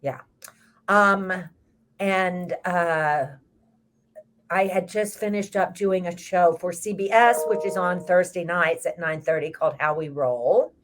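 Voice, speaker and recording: Older texas lady, rambly storyteller, lowish voice, just chatting away. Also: steady tone, slow, a little hiss or hum. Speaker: stage actress co-hosting the chat. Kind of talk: casual chat.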